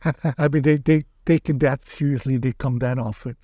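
Older male aikido teacher, animated anecdotes, dull dry recording. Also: mid-range voice, normal speed, no room sound. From Hawaii. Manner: animated, acts out quotes in raised voice. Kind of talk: casual storytelling interview.

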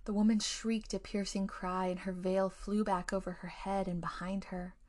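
A woman narrating a spooky tale for her story podcast. Her delivery stays hushed and drops close to a whisper, as scripted ghost-story narration, at an ordinary middle pitch for a woman. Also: little pitch movement, normal speed.

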